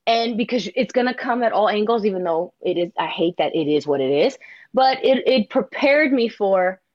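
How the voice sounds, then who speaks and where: A woman's voice: mid-range voice, moderate pace, dry recording, dull audio. Candid woman singer telling stories. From New Jersey. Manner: candid, animated storytelling with quoted asides. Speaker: singer interviewed as guest. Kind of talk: casual video-call interview. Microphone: video call.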